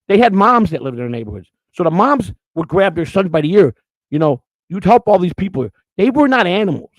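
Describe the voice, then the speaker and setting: An older man telling stories from his childhood, animated and often restarting his sentences. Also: on the high side, no room sound. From Chicago. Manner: animated, restarts and repeats words. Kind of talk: casual storytelling.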